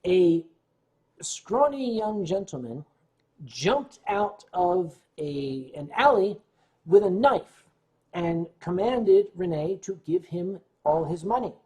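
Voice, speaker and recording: A man hosting a livestream, telling a long anecdote in a lively way and clearing his throat often between beats. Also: high voice, slow. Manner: animated retelling with shifting loudness. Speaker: livestream host. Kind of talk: anecdotal storytelling.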